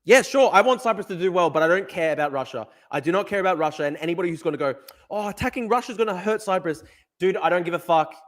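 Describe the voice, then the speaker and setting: A man's voice: very fast, few pauses. Profane, fired-up man. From Australia. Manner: profane, emphatic, repeats himself, mocks in a high voice. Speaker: livestream news host. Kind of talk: live-streamed news commentary reading chat.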